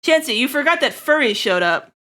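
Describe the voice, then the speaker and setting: A woman's voice: high voice, animated, brisk, pushed and bright. A young woman streamer chatting casually with her viewers, giggly and playful, swearing and putting on mock-angry rants.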